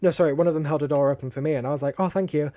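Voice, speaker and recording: A young Northern English co-host tells a blunt, swear-filled story in a casual podcast chat, with the accent of northern England. His slightly high voice has a dark tone and races along, and the audio sounds dull.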